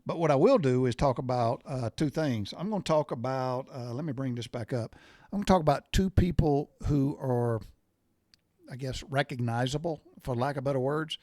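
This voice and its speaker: A man's voice: medium pitch, normal speed, darkish tone, dry recording, clean studio sound. A middle-aged man hosts his own podcast, talking bluntly and repetitively as he gets worked up about what annoys him. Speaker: podcast host. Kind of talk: opinionated solo podcast rant.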